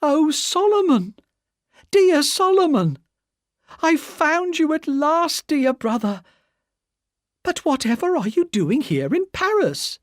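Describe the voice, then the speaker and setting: A man voicing a devoted, excitable spinster who gushes in a high, emotional voice. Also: takes it slowly, long pauses, no echo, clean studio sound, heavily acted. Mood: overjoyed. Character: Miss Pross, devoted excitable English spinster.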